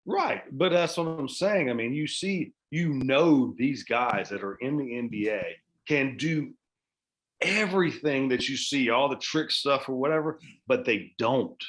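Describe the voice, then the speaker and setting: A man's voice: medium pitch, unhurried, fairly bright tone. A man chatting casually as a podcast guest, rambling with many restarts and swearing freely. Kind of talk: casual chat.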